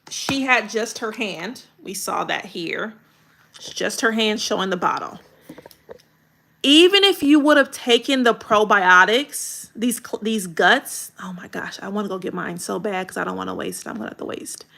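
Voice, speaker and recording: A woman coaching content creators in a livestream video critique, talking in a direct, colloquial and animated way. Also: medium pitch, a little slow, vocal fry, long pauses.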